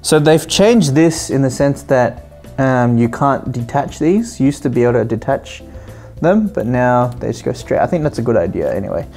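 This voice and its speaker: Tech-channel host, male, mid pitch; easygoing, enthusiastic unboxing chatter with frequent fillers and self-corrections. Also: faint music behind. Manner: excited, chatty, often pauses with um and self-corrections. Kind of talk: casual unboxing narration.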